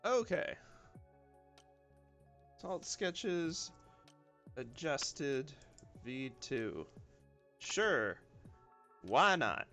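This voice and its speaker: Drawing out his words and leaving long pauses, a man with a slightly high voice and a light Southern US accent chats on a live stream as he draws. He's from the southern United States and rambles in a relaxed way, talking to himself with frequent ums and y'alls while faint lo-fi music plays behind him.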